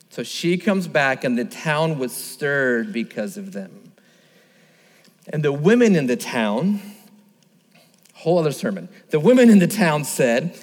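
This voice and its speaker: A man's voice: fairly high pitch, big-room sound. A male pastor preaching a sermon, emphatic and repetitive, asking the listeners rhetorical questions.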